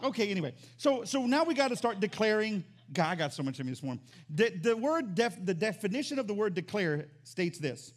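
High-voiced animated preaching man. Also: a little fast. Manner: animated, swings from loud exclamations to quiet emphasis. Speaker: pastor. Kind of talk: sermon.

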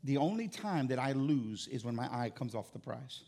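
Gravelly pastor preaching with emphatic repetition. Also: male voice, mid-range voice, expressive, moderate pace, hardly any pauses. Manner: rising to loud emphatic repetition. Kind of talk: sermon. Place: church service.

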